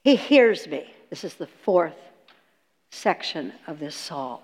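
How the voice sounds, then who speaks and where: A woman teaching a sermon on prayer, animated and asking her listeners questions. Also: deep voice, slow, slightly rough. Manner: animated, talks to the audience with questions. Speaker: Bible teacher. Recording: long hall reverb.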